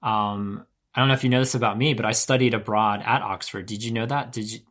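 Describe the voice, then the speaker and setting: A man's voice: lowish voice, steady tone, fast talker. An American man hosting a podcast, chatting eagerly and rambling with frequent restarts. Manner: warm enthusiastic rambling, self-correcting. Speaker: podcast host and co-founder editor. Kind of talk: casual podcast chat.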